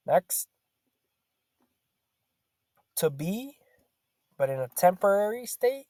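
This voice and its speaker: A man tutoring Spanish vocabulary, saying each word and repeating it with pauses. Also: fairly high pitch, animated, no room sound, studio quality. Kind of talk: slow vocabulary lesson.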